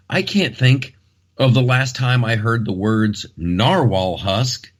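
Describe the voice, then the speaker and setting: A man's voice: mid-range voice, lively intonation, slow pace. A man hosting a casual comedic talk show, rambling and joking with frequent restarts.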